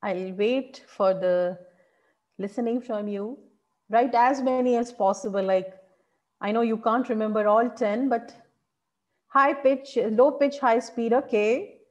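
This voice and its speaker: A woman teaching public speaking in an online workshop, animated and encouraging, asking her audience questions. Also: a little high, measured pace, dull audio.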